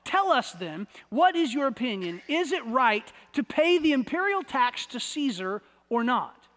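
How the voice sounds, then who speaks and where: A man's voice: very high-pitched, sing-song, measured pace, fairly bright tone, big-room sound. A man from the United States preaching a sermon, conversational and often repeating words as he searches for the phrasing. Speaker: pastor.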